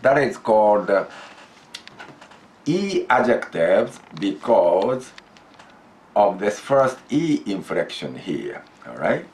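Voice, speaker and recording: Slow, lively male teacher. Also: lowish voice, slight background noise. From Japan. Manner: slow, deliberate explaining, prompts students to repeat. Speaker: language teacher. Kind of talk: classroom grammar lesson.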